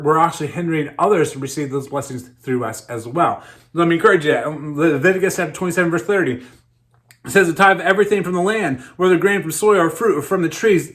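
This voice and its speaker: A man's voice: fairly high pitch, a bit bright. A man in his thirties preaching a sermon in a conversational way, often repeating words as he starts his sentences. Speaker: pastor.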